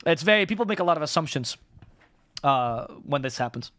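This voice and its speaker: Fast-talking man caster. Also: fairly high pitch, expressive, fairly bright tone, no room sound, studio quality. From Spain. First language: Spanish. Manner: fast, rambling, profane, restarts words. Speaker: esports caster and streamer. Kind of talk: casual live-stream chat.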